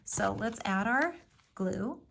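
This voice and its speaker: A woman's voice: mid-range voice, expressive, slow, vocal fry, fairly bright tone, slight background noise. A woman giving a casual step-by-step craft tutorial, explaining each move with friendly fillers. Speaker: craft instructor.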